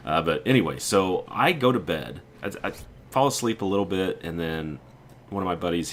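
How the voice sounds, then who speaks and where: A man's voice: deep voice, slight background noise. A man casually telling a story about a weekend trip, quoting his friends and sounding exasperated. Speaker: gaming video creator.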